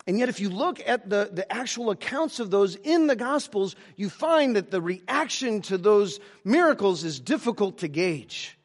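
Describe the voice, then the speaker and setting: A male pastor preaching a sermon, halting with many restarts, moving between emphatic lines and hushed ones. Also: high-pitched, sing-song.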